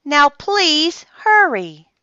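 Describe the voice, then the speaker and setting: A woman's voice: big pitch swings, very slow, bright, forceful tone, no room sound, full character voice. Olivia, a woman doing a bossy bouncy little girl. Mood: eager. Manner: eager, commanding, high and bouncy. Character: bossy energetic young girl running a stand. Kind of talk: storybook character voice. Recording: dull dry lo-fi sound.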